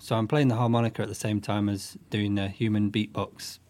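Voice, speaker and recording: A man with a fairly low voice, talking through his music in a relaxed interview. He speaks thoughtfully, circling back and restarting phrases as he explains. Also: fairly quick. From northwest England. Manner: thoughtful, with frequent restarts and soft fillers. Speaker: guest musician. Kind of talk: casual interview.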